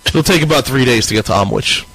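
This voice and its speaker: A man running a tabletop game as dungeon master, stumbling over his words and laughing as he narrates. His voice sits at a middle pitch. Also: vocal fry, a bit bright, slightly rough, dry recording, low-quality recording. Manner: halting, repeats words, laughs often.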